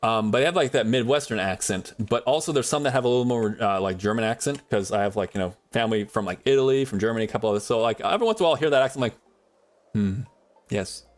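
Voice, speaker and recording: A man's voice: medium pitch, racing, few pauses. A man streaming a survival game, chatting loosely with viewers and talking to items in the game, in a rambling, chatty way. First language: English is his only language. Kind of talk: casual gameplay commentary.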